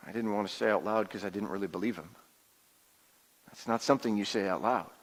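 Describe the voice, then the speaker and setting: Male pastor as a wary Israelite dad, high voice, church-hall reverb, halting storyteller. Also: lively intonation, fairly bright tone. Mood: reflective. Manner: storytelling, confiding, halting repeats. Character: humble Israelite father, wary, plainspoken. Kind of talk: first-person dramatic monologue.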